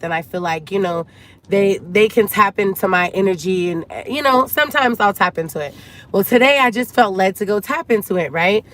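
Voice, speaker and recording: A woman's voice: medium pitch, fairly bright tone. Upset woman venting in a vlog. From Cuban family. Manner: venting, talks to viewers as girlfriends. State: upset and near tears. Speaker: vlogger. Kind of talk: emotional storytime vlog.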